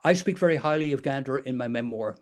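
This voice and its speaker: A man's voice: medium pitch, lively intonation, quick pace, a little mellow. An older man from Northern Ireland with a Northern Irish accent, telling stories as an interview guest in a rambling way, with many restarts and "you know"s. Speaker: guest, retired teacher and memoir author. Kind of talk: casual storytelling interview.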